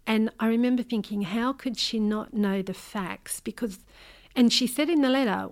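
A middle-aged Australian woman, an author, telling a painful personal story in an interview, earnest and hesitant, with frequent pauses and restarts. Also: a little high. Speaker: interview guest, memoir author.

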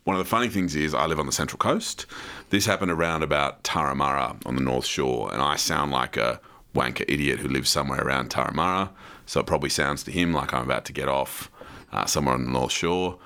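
A man's voice: very deep voice, fast talker, hardly any pauses, pushed and bright. An Australian man telling stories as a podcast guest in casual chat, dry and self-mocking, acting out other people's voices.

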